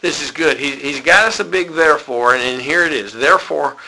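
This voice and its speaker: A man's voice: fairly high pitch, a little fast, bright, forceful tone, slight background noise, poor audio. A man preaching a sermon in a church, folksy and conversational.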